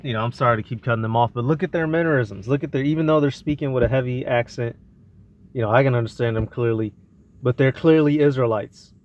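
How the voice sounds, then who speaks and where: A man's voice: mid-range voice, a little mellow, muffled recording. A man hosting a reaction show, commenting on clips in casual slang and drifting into preaching.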